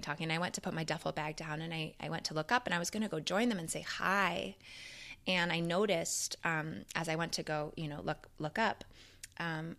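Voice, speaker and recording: A woman's voice: deep voice, vocal fry, bright, forceful tone. A young adult woman, an author, candidly telling a personal story in a casual, emotional way, with many fillers and the odd swear word.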